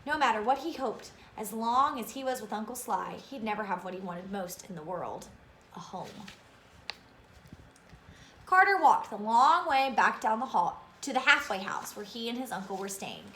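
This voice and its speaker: A woman reading a children's novel aloud in an expressive way, with asides to her listeners. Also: a little high, moderate pace, roomy sound, slight background noise. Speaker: reader of a children's book.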